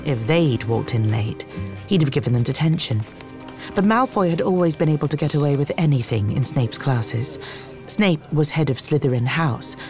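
A woman narrating a children's novel in a measured, expressive reading. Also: sits low. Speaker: audiobook narrator. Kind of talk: storybook narration.

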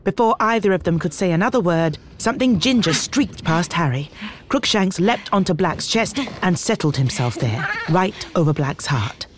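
An audiobook narrator reading fantasy in a measured, dramatic storytelling manner. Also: medium pitch, lively intonation, a little hiss or hum. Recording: music bed under narration. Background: background music.

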